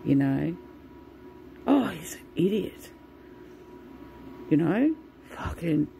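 Give me a foul-mouthed woman venting on a vlog, her voice low-toned and dark, with faint background noise. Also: big pitch swings, slow pace, creaky, rough recording. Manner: swears a lot, ranting. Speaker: vlogger. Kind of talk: casual venting monologue.

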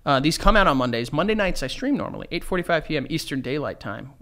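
A man's voice: on the high side, sing-song, fast talker, a bit bright. A man co-hosting a casual podcast, teasing and playful with exaggerated outbursts. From Colombian family. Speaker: podcast co-host.

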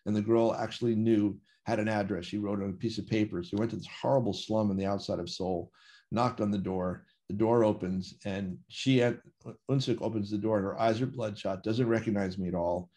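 A man telling a personal story in a relaxed, anecdotal way, acting out the dialogue of the people in it. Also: lowish voice, a little fast. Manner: vivid anecdotal storytelling, acts out dialogue with quoted voices. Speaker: interview guest. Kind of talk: casual storytelling.

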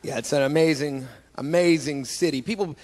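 Recorded live in a club amid crowd noise, with the audience laughing and applauding, a man does a brash, profane stand-up set. His voice is on the high side and darkish, at a moderate pace, and he uses mocking put-on voices.

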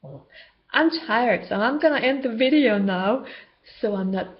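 A woman's voice: fairly high pitch, animated, a little slow. A woman vlogger talking unscripted to camera about spiritual healing, rambling and loosely structured. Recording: dull lo-fi home video sound.

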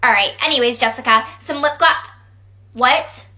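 A woman's voice: a little high, normal speed, pushed and bright, voice pushed down. A woman doing a sassy, dramatic teen girl. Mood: gushing. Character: dramatic teen girl hyping and scolding best friend. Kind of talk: comedy skit.

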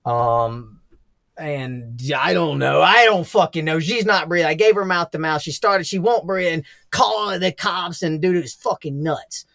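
A young podcast guest with a Southern US accent recounts wild stories, profane and animated, laughing frequently through the casual interview. His creaky voice runs on the high side and a little slow. The studio sound is clean with no echo.

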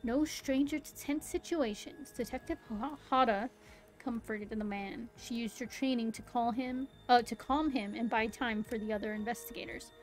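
A woman's voice: on the high side, normal speed, low-quality recording. A young woman streamer reading a game's story aloud in a theatrical style, breaking off now and then for amused asides. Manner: theatrical narration broken by giggly asides. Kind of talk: dramatic read-aloud with asides. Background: faint background music.

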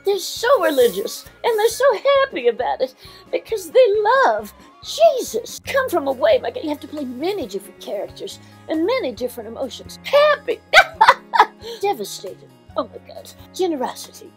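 Actress doing a scatterbrained older diva: high, swooping voice, gushing and rambling, faint music behind. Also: female voice, big pitch swings, moderate pace. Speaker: comic impressionist. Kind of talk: comic celebrity impression monologue.

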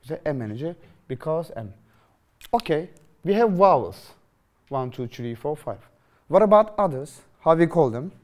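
Guy with teaching a grammar class, fairly high voice, jumps around a lot in pitch, keeps asking "you understand?". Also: normal speed. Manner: lively, questioning, repeats phrases to students. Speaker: English teacher.

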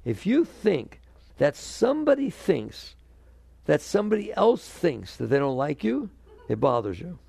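A man with a deeply gravelly, mellow voice gives a spiritual talk, his pitch rising and falling in lively swings. He keeps putting questions to his listeners and slips into the inner voices he describes. The sound is close and dry. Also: a little slow, no room sound. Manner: animated, asks the audience questions; acts out quoted inner voices. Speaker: spiritual teacher. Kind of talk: spiritual talk to a live audience.

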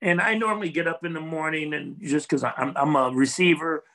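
A man's voice: a little high, steady tone, brisk, bright, forceful tone, poor audio. An older man, a former football player, talking as a guest in a casual interview, earnest and reflective, rambling with restarts.

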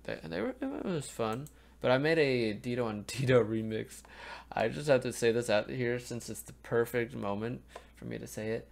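Recording at home in front of a webcam with faint music audible, a young man reacts to music in a loose, rambling way. He's sleepy and yawning, frequently trailing off into ums and restarts. His voice is medium-pitched, gravelly, and expressive, at a normal speed.

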